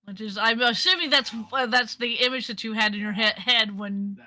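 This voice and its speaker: A woman's voice: a little high, moderate pace, pushed and bright, no echo, rough recording. Hesitant woman narrating her character. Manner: hesitant, with stammered starts. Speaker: player. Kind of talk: casual tabletop role-play narration.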